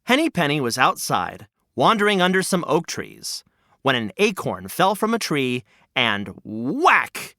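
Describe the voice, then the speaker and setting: Playful kids' storyteller, bright and unhurried. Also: male voice, on the high side, huge pitch swings, dry recording, studio quality. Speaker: storytelling podcast host. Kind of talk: children's story narration.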